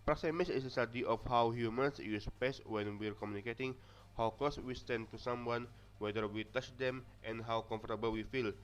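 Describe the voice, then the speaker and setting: A man's voice: mid-range voice, fairly even intonation, normal speed. A young man with an Indonesian accent, whose first language is Indonesian, giving a student class presentation and reading from notes with frequent restarts and stumbles. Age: young adult. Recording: dull lo-fi audio.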